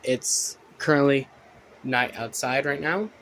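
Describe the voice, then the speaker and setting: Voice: mid-range voice, slow pace, fairly bright tone. A vlogger ranting indignantly at viewers in a profane reaction commentary.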